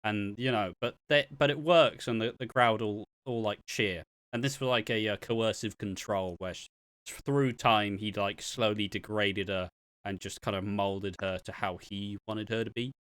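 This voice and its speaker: A man's voice: fairly low pitch, moderate pace, fairly bright tone, no echo. A man co-hosting a podcast, recapping soap episodes in chatty, casual talk and often laughing. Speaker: podcast co-host.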